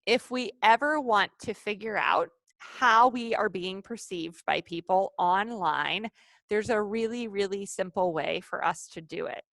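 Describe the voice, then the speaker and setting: A woman's voice: medium pitch, measured pace, gravelly, a bit bright, no room sound. A woman leading a live online training session over a video call, upbeat and coaxing the participants.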